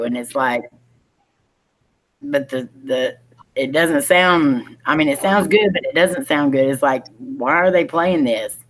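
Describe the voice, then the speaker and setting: A woman's voice: deep voice, poor audio. A woman in casual chat, telling a story with easy laughter.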